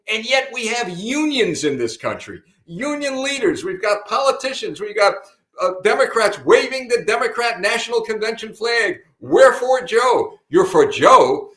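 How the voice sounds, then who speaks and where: An older American man hosts a political commentary broadcast in a high, bright, forceful voice. He is emphatic and repetitive and keeps calling his listeners "folks." The recording has a roomy echo.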